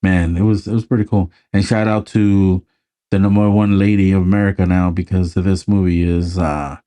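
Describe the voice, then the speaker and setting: A man's voice: deep voice, fairly even intonation, normal speed, warm tone. A man co-hosting a podcast in casual chat, laid-back and swearing freely as he acts out lines from a film. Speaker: podcast co-host.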